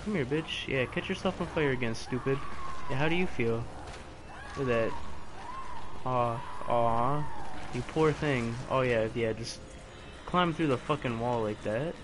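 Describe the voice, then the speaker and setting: A man's voice: mid-range voice, normal speed, background noise. A man commentating a video game live, frustrated, swearing and taunting the enemies on screen. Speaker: let's play gamer.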